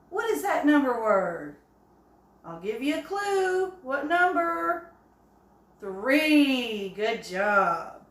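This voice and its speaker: A woman teaching an early-grade phonics lesson, speaking slowly and encouragingly. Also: high-pitched, fairly bright tone. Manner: slow, encouraging, with drawn-out examples. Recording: echoey room.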